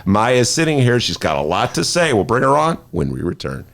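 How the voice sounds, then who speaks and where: A man with a Chicago accent hosts a talk show from a studio, making his points in an emphatic, argumentative way. His pitch swings widely as he talks. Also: sing-song, normal speed, creaky, background noise. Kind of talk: opinionated political talk. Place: podcast studio.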